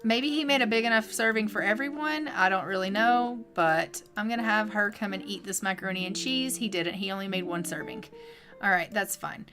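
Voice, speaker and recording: A woman streamer giving casual let's-play commentary, chatty and full of fillers and quick asides. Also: medium pitch, music in the background. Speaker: game streamer.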